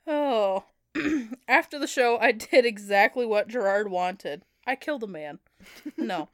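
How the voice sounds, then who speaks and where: A woman's voice: on the high side, animated, a little slow, a bit bright, dry recording, studio quality. Laughing woman reading fan fiction. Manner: reads aloud, often breaking into laughter. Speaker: podcast co-host reading fan fiction aloud.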